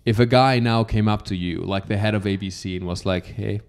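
A man's voice: on the low side, steady tone, a little fast, smooth. A man from Germany hosting an uncensored podcast, teasing his guest with provocative, profane questions in casual chat. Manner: teasing, provocative, swears freely. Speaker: podcast host.

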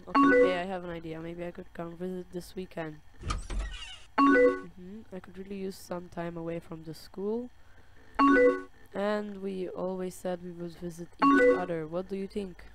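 A woman playing a game on camera, reading its chat messages aloud in a slow, drawn-out way and reacting with soft sympathy. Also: lowish voice. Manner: reads dialogue slowly, with soft sympathetic reactions. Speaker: gaming video creator. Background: loud game music and keyboard typing.

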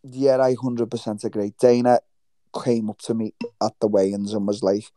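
A man's voice: lowish voice, normal speed, no echo. Swearing man telling stories. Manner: swears freely, animated storytelling with quoted voices. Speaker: guest fighter. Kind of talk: casual interview chat. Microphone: remote livestream call.

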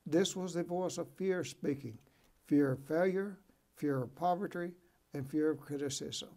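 A man with a slightly high voice hosts a motivational talk show. He reads passages and then preaches on them in an encouraging, folksy way, checking in with his listeners as he goes. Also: normal speed, darkish tone. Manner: preachy, encouraging, folksy asides like "right?" and "okay?". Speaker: host. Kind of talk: motivational talk show, reading from a book and commenting.

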